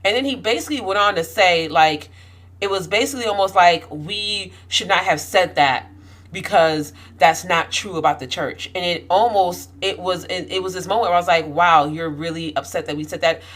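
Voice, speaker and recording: A woman's voice: lowish voice, moderate pace, fairly bright tone. A woman talking candidly to camera about her own experiences, outspoken and passionate, with frequent restarts and rising emphasis. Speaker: vlogger. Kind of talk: candid personal talk to camera.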